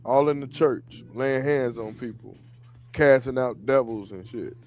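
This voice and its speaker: A man co-hosting a casual talk show about faith, animated and quick to push back. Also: medium pitch. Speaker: co-host. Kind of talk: casual religious discussion.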